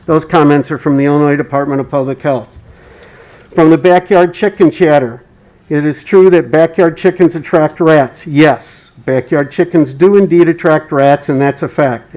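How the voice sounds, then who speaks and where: A man giving public comment at a city meeting, reading quoted passages in a measured, formal way. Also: a little high, a little mellow, low-quality recording. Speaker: resident speaking at public comment.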